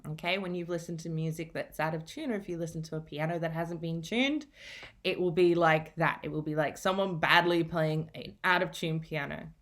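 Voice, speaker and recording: A woman's voice: low-pitched, fairly quick. A woman teacher giving a recorded reading and grammar lesson, explaining patiently and going back over key points.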